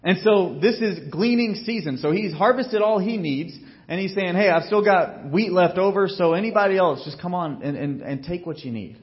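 A man preaching a sermon as pastor, telling a story in a casual, joking way and acting out what people say, getting loud and then dropping low. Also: moderate pace, hardly any pauses, highs cut off. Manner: animated storytelling, acts out quotes with big swings in loudness.

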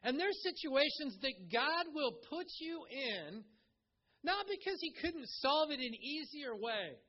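A man's voice: very high-pitched, big pitch swings, takes it slowly, muffled recording. A man preaching a conversational sermon, reading scripture and acting out quotes along the way. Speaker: pastor.

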